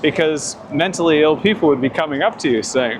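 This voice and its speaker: A man from the United States, a guest on a casual walk-and-talk vlog, calmly describing city streets at night. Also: on the high side, brisk. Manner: relaxed, observational, conversational. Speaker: guest vlogger. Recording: noisy outdoor street.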